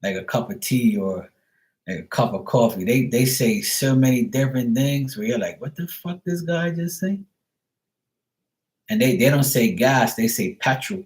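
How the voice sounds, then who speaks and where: A man's voice: medium pitch, moderate pace, a little mellow, rough recording. A man from Bermuda with a Bermudian accent, chatting loosely on a live stream, full of "like" and casual swearing. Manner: loose and rambling, heavy on "like", swears freely. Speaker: tarot reader, live streamer.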